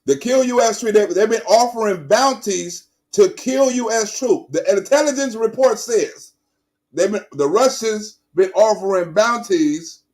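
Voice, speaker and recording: A man's voice: high-pitched, animated, a little slow, a little mellow. A man hosting a show, reacting to a news clip with heated, profane commentary and mocking repeats of what he hears. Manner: profane, ranting, mocking repetition of quotes.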